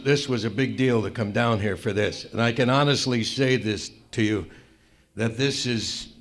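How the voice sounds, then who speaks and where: Male roast comic with a gravelly voice and middling pitch; deadpan tall tales delivered as solemn truth. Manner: deadpan tall tale, mock-sincere asides. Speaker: comedian roasting a friend. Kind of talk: stand-up storytelling at a roast. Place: club room with a live audience.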